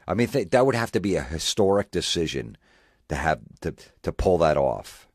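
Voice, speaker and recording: A man's voice: deep voice, big pitch swings, normal speed, a little mellow, no room sound, studio quality. A male comedian ranting sarcastically, mocking and swearing. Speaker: comedian host. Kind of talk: comedic rant.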